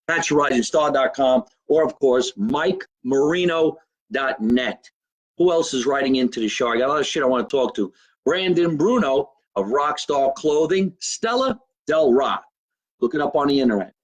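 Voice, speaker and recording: A man's voice: fairly high pitch, poor audio. A male comedian, hosting his own live show from a home basement, rambling brashly, swearing and greeting viewers by name. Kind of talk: loose livestream chat to viewers.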